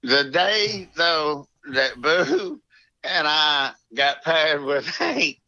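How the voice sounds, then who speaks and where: A middle-aged Southern man with a very bright, forceful voice spins rambling stories, full of restarts and laughs. His pitch sits a little high, and the sound is dry and a bit dull. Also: extremely slow, no room sound. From Alabama. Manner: rambling, animated, drawling with frequent laughs and restarts. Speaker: guest, former mini-tour golfer. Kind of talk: casual storytelling.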